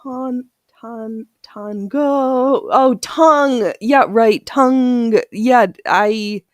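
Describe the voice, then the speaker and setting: A woman's voice: on the high side, extremely slow, no echo. A woman hosting a casual live sewing stream. She laughs often and reads viewer comments aloud as she works. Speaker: livestream host.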